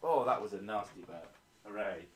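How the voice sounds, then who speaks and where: A man's voice: lowish voice, expressive, moderate pace. A man hosting a gaming channel, chatting casually, joking, swearing freely and laughing often.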